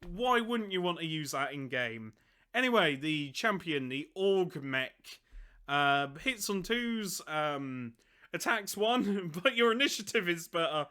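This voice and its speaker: A man's voice: a little high, big pitch swings, a little slow, pushed and bright, clear, resonant tone. A young man giving casual, self-mocking commentary on tabletop game rules, laughing often and swearing freely. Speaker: tabletop wargame channel host.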